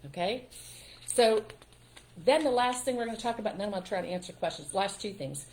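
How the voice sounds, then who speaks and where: An older woman hosting a live stream, giving parenting advice in a relaxed, emphatic way and acting out what to say to children. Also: mid-range voice, a little fast. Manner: emphatic and instructive, acts out what parents should say.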